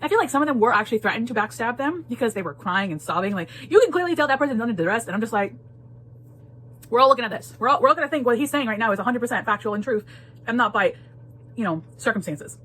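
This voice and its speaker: A woman's voice: fairly high pitch, expressive, quick pace, pushed and bright. A woman giving a casual spoiler book talk, emphatic and full of repeated phrases and laughter. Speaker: book reviewer.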